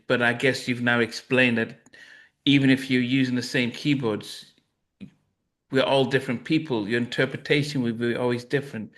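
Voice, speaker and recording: Male interview host, middle voice, halting and searching for words. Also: medium pitch, fairly bright tone. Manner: halting, stumbling questions with many restarts. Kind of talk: casual interview questions.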